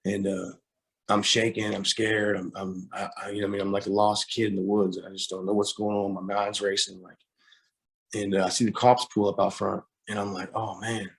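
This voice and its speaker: A young man, a guest on a talk show, telling a hard personal story, halting with fillers and restarts, close to tears at times. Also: lowish voice, monotone, vocal fry. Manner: halting, with many fillers and repeated starts.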